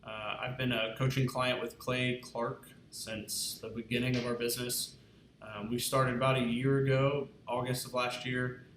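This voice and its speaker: Man, business owner testimonial, flat, even delivery, echoey room. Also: medium pitch, normal speed. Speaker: small business owner giving a client testimonial. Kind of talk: casual testimonial. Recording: echoey room with faint noise.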